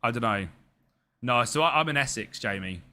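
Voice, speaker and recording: A young man chats casually on a live stream while gaming, rambling and answering viewers by name as he plays. His medium-pitched voice is expressive and sharp in tone, moving at a moderate pace.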